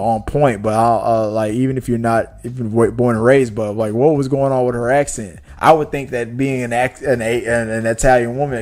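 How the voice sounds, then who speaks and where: A man co-hosting a movie podcast, talking casually in an animated, rambling way with lots of restarts and fillers. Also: mid-range voice. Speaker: podcast co-host.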